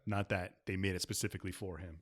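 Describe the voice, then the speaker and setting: A man's voice: sits low, steady tone, fast. A man co-hosting a casual podcast, teasing his friends and laughing often. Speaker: podcast co-host. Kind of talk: casual chat.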